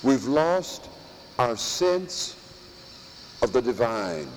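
A priest preaching a sermon in slow, emphatic phrases, with long pauses and pointed rhetorical questions. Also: male voice, medium pitch, very animated, in a large hall, slight background noise, poor audio. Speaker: priest teaching at a monastery. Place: church or monastery chapel.

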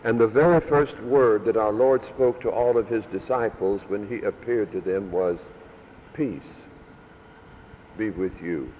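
A man preaching as a parish priest, measured and emphatic, stressing and repeating key words. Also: lowish voice, darkish tone, lo-fi sound. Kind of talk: sermon with announcements. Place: large church with long reverb. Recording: echoey church hall with faint background noise.

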